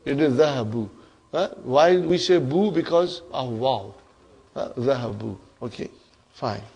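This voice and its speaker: A man's voice: mid-range voice, expressive, a little slow, vocal fry, a little mellow, husky. A man teaching an Arabic grammar class, quizzing students and checking in with "huh?" and "okay?" as he goes. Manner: addresses class as brothers and sisters.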